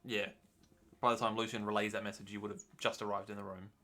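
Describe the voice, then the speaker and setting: A man narrates a tabletop game as its game master, his voice a touch low but bright and forward. He hedges often, filling gaps with ums and "sort of" as he describes the scene. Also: level tone, fast. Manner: hesitant, lots of ums and "sort of".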